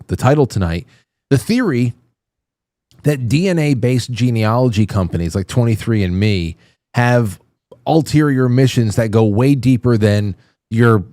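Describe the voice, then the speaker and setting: A man's voice: lowish voice, darkish tone, no echo, studio quality. A man hosting a podcast, asking rambling questions with many ums and restarts. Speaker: podcast host. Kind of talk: casual podcast conversation.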